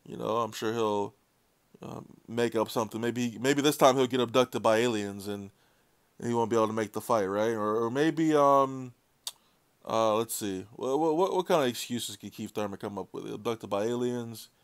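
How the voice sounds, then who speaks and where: A man's voice: medium pitch, normal speed, clear, resonant tone, dry recording. Heated, profane man ranting about boxing. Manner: blunt, profane, heated and sarcastic. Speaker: boxing commentator. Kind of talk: opinionated rant.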